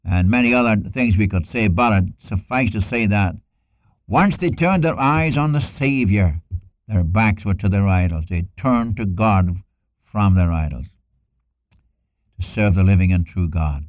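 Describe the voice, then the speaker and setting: Earnest and animated, this man preaches at a slightly slow pace in a lowish voice, giving scripture dramatic emphasis and repeating phrases for weight. The lo-fi recording sounds dull and dry.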